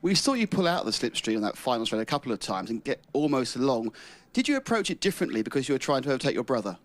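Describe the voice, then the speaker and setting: A man runs a post-race podium interview, firing off questions at a quick clip. His questions are brisk and now and then jokey. His voice sits at an ordinary middle pitch. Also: big pitch swings.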